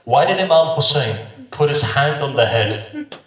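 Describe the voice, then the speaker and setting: Speaking from a distance in a very echoey space, a British man delivers an impassioned sermon at a mourning gathering. His voice is on the high side and a bit bright, animated yet measured in pace, with rhythmic repeated refrains and emphatic rises and drops.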